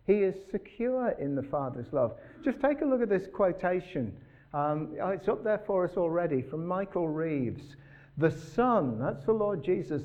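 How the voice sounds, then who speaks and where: A preacher man delivering a sermon, earnest and emphatic, with a lively voice that rises and falls. His tone is mellow and warm. The recording sounds a little dull and lo-fi. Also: on the high side. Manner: earnest, emphatic, rhetorical questions to the congregation.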